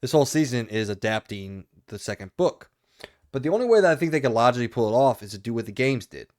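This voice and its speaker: A man's voice: medium pitch, lively intonation, fast, darkish tone, dry recording, studio quality. A man co-hosting a podcast, talking casually and animatedly, rambling with frequent laughs. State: hiccuping. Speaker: podcast co-host.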